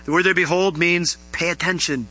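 A middle-aged man preaching with a very bright, ringing voice pitched a little high. He talks in an animated way and lifts into emphatic questions aimed at his listeners. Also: moderate pace, soft background music, low-quality recording. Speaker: pastor. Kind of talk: sermon.

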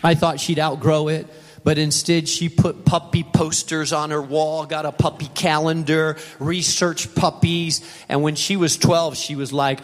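A middle-aged pastor with a fairly high voice preaches to a church auditorium in a relaxed, conversational way, acting out the voices in his anecdotes. The sound has the long reverb of a big hall. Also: moderate pace. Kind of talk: sermon with personal storytelling.

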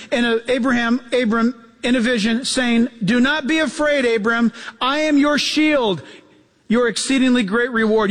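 A man preaching a sermon as pastor, telling stories in an animated way and acting out the quotes, repeating key phrases for emphasis. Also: big-room sound. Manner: animated storytelling, acts out quotes with jumps in pitch.

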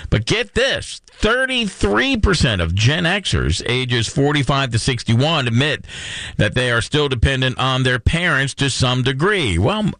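Chatty middle-aged radio host, dry studio. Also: male voice, medium pitch, fairly bright tone, no echo. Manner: chatty, rambling, many fillers. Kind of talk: casual radio commentary.

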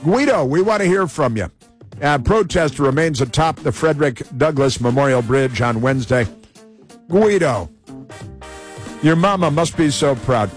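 A man's voice: fairly high pitch, animated, normal speed, soft background music. A male radio host giving sarcastic, mocking talk radio commentary.

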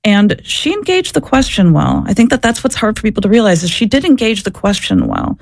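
A woman's voice: mid-range voice, wildly swooping pitch, fairly quick, creaky, no echo, studio quality. A woman and former social worker answering interview questions, telling her story in an earnest, reflective way. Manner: earnest, reflective, searching for words.

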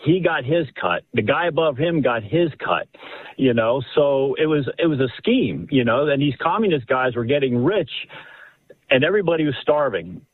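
A man calling in to a radio show, telling a family story in an animated, rambling way with many restarts. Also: medium pitch, moderate pace, no echo. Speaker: caller. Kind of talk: casual storytelling on a phone-in. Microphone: telephone. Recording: husky voice over a tinny phone line.

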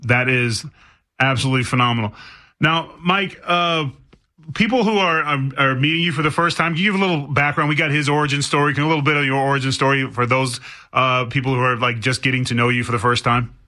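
A man's voice: medium pitch, fairly even intonation, fast talker, pushed and bright. A man hosting a radio talk show, chatty and stumbling over his questions. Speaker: radio host. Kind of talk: casual radio interview.

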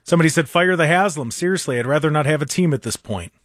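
A man's voice: a little high, quick pace, fairly bright tone, no echo, clean studio sound. A man hosting a talk show, delivering a heated, exasperated rant with frequent stammering restarts and mocking jabs.

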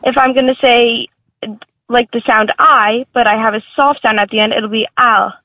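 A woman's voice: fairly high pitch, steady tone, moderate pace, dry recording. A woman calling in to a radio show over the phone, giving short agreeable replies. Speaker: caller. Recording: tinny phone line.

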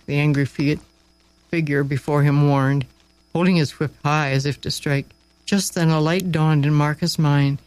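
A man narrating a story aloud, expressive and dramatic, with slow pauses for effect. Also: a little high, smooth, no echo, rough recording.

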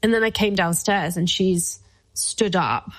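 A woman's voice: fairly low pitch, unhurried, dry recording. A woman, a guest speaking openly and emotionally, with plenty of "like" fillers. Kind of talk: candid personal conversation.

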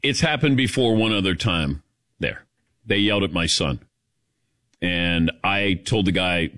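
A man's voice: deep voice, a little slow, long pauses. A man hosting a talk radio show, telling a rambling story casually with lots of fillers. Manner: rambling, animated, many fillers.

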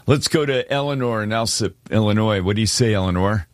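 A man hosting a Christian call-in radio show, affirming callers in an unhurried way on a studio microphone. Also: lowish voice, no echo. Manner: warm-hearted, affirming, unhurried.

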